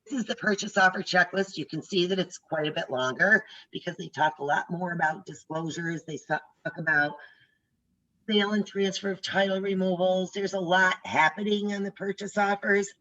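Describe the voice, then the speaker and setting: A woman's voice: fairly low pitch, moderate pace, a bit bright, lo-fi sound. An older woman teaching a class on a video call, chatty and direct, telling stories as she goes. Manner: chatty, tells stories, talks straight to trainees. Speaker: real estate instructor.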